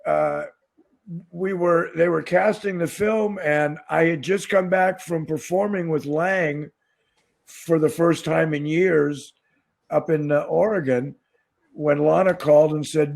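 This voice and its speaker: A man telling dry, halting anecdotes in a casual Q&A on a video call. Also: on the high side, steady tone, gravelly, darkish tone. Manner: dry storyteller, halting with fillers.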